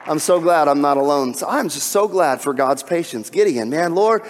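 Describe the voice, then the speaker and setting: Animated preaching pastor in a reverberant church. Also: male voice, a little high, normal speed, some chatter behind, a little hiss or hum. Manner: animated preaching, acting out scripture dialogue. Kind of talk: sermon. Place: church sanctuary.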